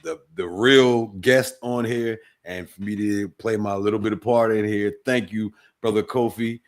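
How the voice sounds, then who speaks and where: A man's voice: lowish voice, fairly even intonation, unhurried. A man co-hosting a casual chat, speaking hesitantly with many fillers and restarts. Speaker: guest co-host.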